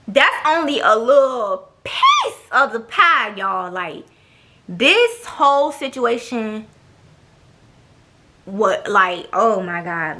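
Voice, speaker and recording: Sassy young woman vlogger, bright forceful voice, cussing through a storytime. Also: a little high, slight background noise. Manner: blunt, profane, sassy, mimics others. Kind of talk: casual storytime monologue.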